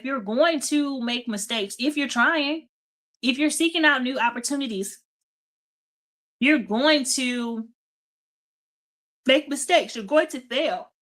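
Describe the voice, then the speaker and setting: A woman's voice: a little high, fairly bright tone. A woman hosting a casual devotional talk. She sounds tired and keeps checking in with her listeners by asking "okay?" and "right?". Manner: chatty, repeats "okay?" and "right?". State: tired, yawning. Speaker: host of a devotional talk show.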